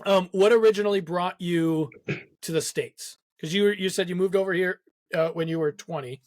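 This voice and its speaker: Higher-voiced man, dry close sound. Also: moderate pace, no echo. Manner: laughs often, reminiscing with an old friend. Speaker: podcast host. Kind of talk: casual conversational interview.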